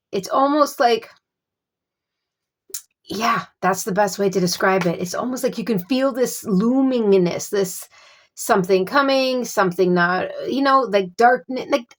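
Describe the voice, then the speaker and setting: A woman with a fairly high voice talks through a tarot reading in a loose, unscripted way. She stops and restarts as she searches for words and leans on fillers. Her tone stays reassuring, and she comes back to the same comforting phrases. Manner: reassuring, repeats soothing phrases. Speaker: tarot reader. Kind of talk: casual tarot reading monologue.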